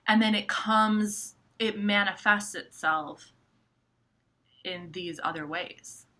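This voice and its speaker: Bright-voiced woman ranting freely. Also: mid-range voice, slow pace. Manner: animated, swears, many likes. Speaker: astrology vlogger. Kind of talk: casual monologue to camera.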